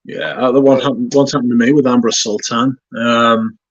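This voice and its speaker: A man talks to his livestream chat in a relaxed, easygoing way, reading out comments and adding his own remarks. His voice sits at a middle pitch. The sound is dry and a bit muffled. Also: moderate pace, no echo. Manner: relaxed, chatty, yawning now and then. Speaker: fragrance livestream host.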